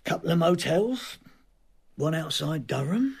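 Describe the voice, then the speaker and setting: An actor playing a weary, evasive middle-aged husband in a radio drama. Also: male voice, on the high side, sing-song, a little slow, gravelly, slightly rough, heavily acted. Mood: tense. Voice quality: terse, defensive.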